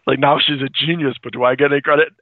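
A man's voice: mid-range voice, fairly even intonation, rapid-fire, no room sound, natural voice. A man retelling a comic, voicing a sarcastic, mouthy young male superhero in a slightly raised, whiny voice, over a tinny phone-like line. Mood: sulky.

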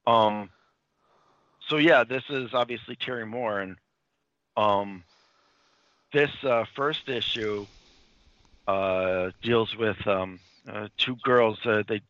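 A man's voice: on the low side, slow, pauses often, fairly bright tone, no echo. A man hosting a casual podcast chat about comics, talking in a rambling, hesitant way full of fillers. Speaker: podcast host reviewing comics. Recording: dull, lo-fi dry recording.

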